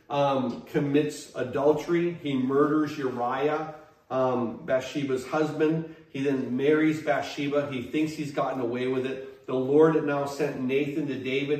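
A man's mid-range, slightly mellow voice fills an echoey hall, captured by a far-off mic with faint noise. Preaching as pastor, he's emphatic, restarts and repeats phrases, and puts questions to those listening.

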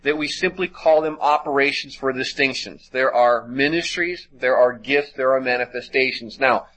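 A man's voice: mid-range voice, normal speed, fairly bright tone, low-quality recording. Man preaching a teaching sermon. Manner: methodical teaching, reads scripture aloud.

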